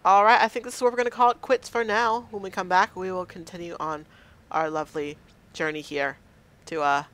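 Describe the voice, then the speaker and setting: A man's voice: sits high, fairly even intonation, brisk, a bit bright. A man doing let's play commentary, hesitantly muttering to himself as he works out the game controls. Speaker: gameplay commentator.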